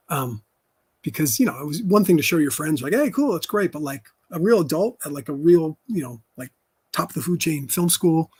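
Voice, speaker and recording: A man's voice: medium pitch, breathy edge, no room sound. A man in his fifties hosting a live stream, talking candidly and telling stories in which he quotes other people. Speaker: host.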